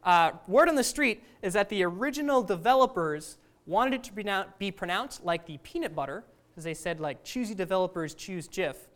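A woman's voice: medium pitch, expressive, a little fast, few pauses. A woman teaching a class in a casual, conversational lecture, often asking the students questions.

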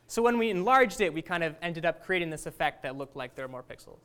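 A woman's voice: fairly low pitch, animated, fast, fairly bright tone. A woman teaching a class in a casual, conversational lecture, often asking the students questions.

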